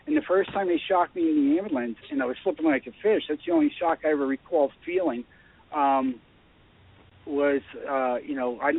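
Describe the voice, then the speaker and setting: Man on a tinny phone line, animated. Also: fairly high pitch, moderate pace, husky. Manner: animated storyteller acting out dialogue. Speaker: guest telling his story. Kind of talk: casual phone-in chat.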